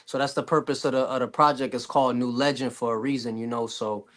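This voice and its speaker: A man's voice: medium pitch, steady tone, quick pace, fairly bright tone. A man, a rapper guest, chatting casually in an interview, loose and full of fillers. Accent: Canadian English. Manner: laid-back, loose with fillers.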